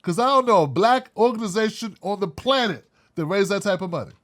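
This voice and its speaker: A man's voice: high-pitched, animated, fairly quick, fairly bright tone. Blunt, fired-up male commentary host. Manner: blunt, fired-up, swears freely. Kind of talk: opinion commentary.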